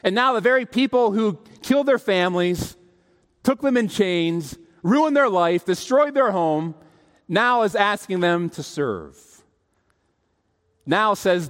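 Male preacher, high voice, animated storyteller who acts out the voices he quotes; long hall reverb. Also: slow pace. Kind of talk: sermon with storytelling.

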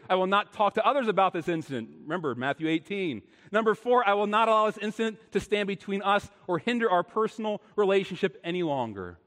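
A male pastor preaching a sermon with earnest emphasis, shifting between quiet and emphatic. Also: fairly high pitch. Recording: long hall reverb.

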